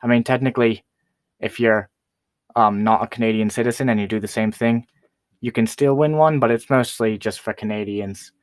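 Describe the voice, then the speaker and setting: A man's voice: lowish voice, normal speed, no echo, studio quality, natural voice. A man playing a boastful, self-important rapper who is a guest on a comedy talk show. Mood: smug. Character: boastful young male Canadian rapper, royalist.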